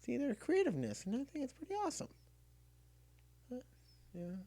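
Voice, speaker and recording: A man's voice: extremely high pitch, huge pitch swings, a little fast, dark tone. A man streaming a game, telling a story in a rambling, casual way, full of restarts, close and dry on the mic. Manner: rambling, many restarts and fillers. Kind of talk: casual storytelling while gaming.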